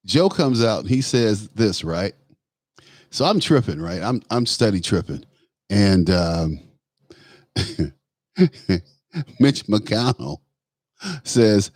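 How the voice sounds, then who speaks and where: Male talk host, low-pitched, blunt animated commentary, dry close-miked recording. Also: takes it slowly, pauses often, dry recording. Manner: animated, laughs while talking, blunt asides. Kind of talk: solo political commentary.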